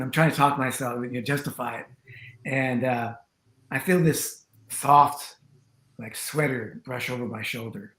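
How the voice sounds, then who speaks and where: A man's voice: mid-range voice, fairly even intonation, measured pace, fairly bright tone. Chatty man telling a story in an echoey room. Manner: chatty and rambling, full of "you know" and acted-out quotes. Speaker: tantra teacher, interview guest. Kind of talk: storytelling in a conversation. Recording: roomy echo.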